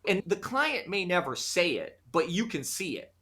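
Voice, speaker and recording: Man, American accent, fairly high pitch, bright forceful tone, animated, interview guest. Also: normal speed. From United States. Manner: animated, acts out quoted voices and asides. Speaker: guest, conflict resolution practitioner. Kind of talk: conversational interview.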